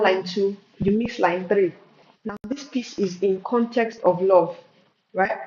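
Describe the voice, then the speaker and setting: A woman teaching spoken-word poetry in a live lesson, answering questions with emphatic, drawn-out stresses and repeated restarts. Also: medium pitch. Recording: roomy, dull and noisy.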